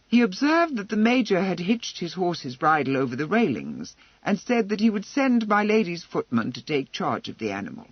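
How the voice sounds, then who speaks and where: A man narrating a historical romance audiobook in an expressive, measured way. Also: high-pitched, slightly rough, no room sound. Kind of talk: scripted narration. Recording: slightly dull lo-fi.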